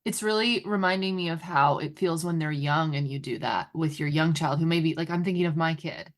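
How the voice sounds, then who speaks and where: Low-pitched woman, casual podcast host. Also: brisk. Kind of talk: casual chat.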